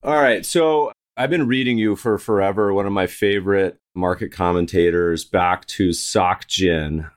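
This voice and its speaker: Upbeat low-voiced American podcast host. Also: male voice, measured pace, few pauses. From United States. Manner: upbeat, chatty, joking. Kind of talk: casual interview chat and read ad.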